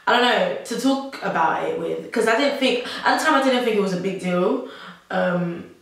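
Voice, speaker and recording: A woman's voice: medium pitch, expressive, normal speed. A young woman tells a personal story to camera in a chatty, rambling way, full of "like" and nervous laughs. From South London. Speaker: vlogger. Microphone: camera mic. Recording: very echoey room.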